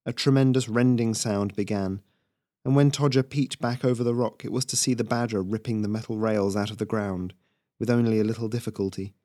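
A man narrates a fantasy story in a measured, steady delivery. His voice is fairly low and the recording is dry and close with no room sound. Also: no echo. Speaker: fiction narrator.

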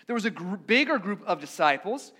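A man's voice: high-pitched, sing-song, a little fast, pushed and bright, slightly rough. A man preaching a sermon in a conversational way, often repeating words and drawing the congregation in. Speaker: pastor.

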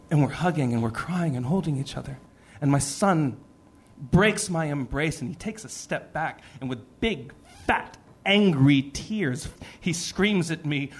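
A man's voice: a little high, a little slow, breathy edge. A man reading a personal story to a live audience, acting out the voices he quotes. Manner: animated, acts out quoted voices.

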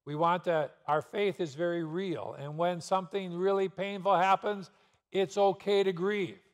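A man's voice: high-pitched, steady tone, a little slow. A man pastor preaching a sermon in a church, asking rhetorical questions and pressing points with sudden emphasis. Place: church sanctuary. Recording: long reverb of a church hall.

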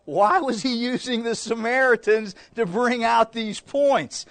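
A man's voice: extremely high pitch, a little slow, fairly bright tone, dry recording. A man preaching a sermon, reading scripture and repeating key phrases with emphasis as he addresses the congregation as folks.

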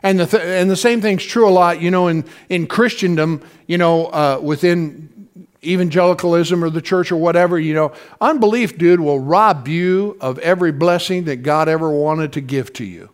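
High-voiced folksy preacher man. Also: moderate pace, clear, resonant tone. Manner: conversational, calls for responses from congregation; folksy slang. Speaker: pastor. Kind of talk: sermon.

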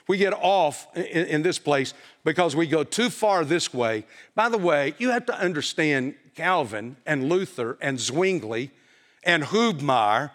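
In church, a male pastor with a high, slightly bright voice preaches emphatically from the pulpit. He throws rhetorical questions at the congregation and answers them himself.

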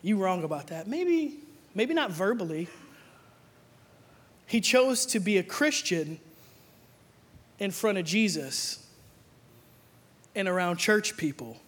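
A man's voice: high voice, lively intonation, takes it slowly, long pauses, a bit bright. A young adult man preaching a sermon, playful and joking, acting out Bible figures in casual slang. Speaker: pastor.

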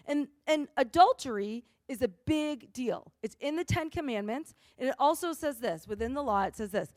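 A woman's voice: sits high, expressive, normal speed, a little mellow, dry recording, clean studio sound. A woman preaching a conversational sermon, talking casually, often saying "like" and checking in with "right?".

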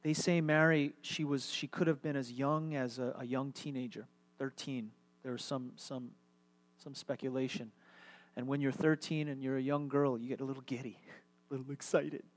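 A man preaching a live sermon to a church congregation as pastor, in a conversational style with halting, repeated words. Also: medium pitch, steady tone.

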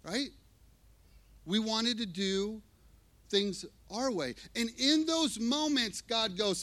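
A man preaching a sermon, animated and emphatic, shifting between hushed and loud delivery. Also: high voice, slow. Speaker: pastor. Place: church.

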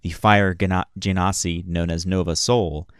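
Low, smooth-voiced man narrating a game. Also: level tone, moderate pace, dry recording, clean studio sound. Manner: hesitant, with many fillers. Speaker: game master.

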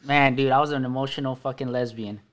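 A man's voice: medium pitch, fast talker, background noise. A young man hosting a casual podcast, telling stories with frequent laughter and plenty of swearing. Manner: laughs often, swears a lot, animated storytelling. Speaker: podcast host. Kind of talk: casual stoner podcast chat.

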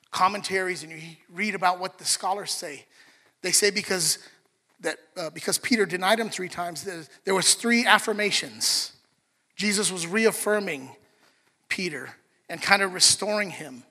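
A man's voice: high voice, pushed and bright. A man preaching a sermon in an earnest, conversational way, with restarts and asides to the congregation. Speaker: pastor. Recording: reverberant hall.

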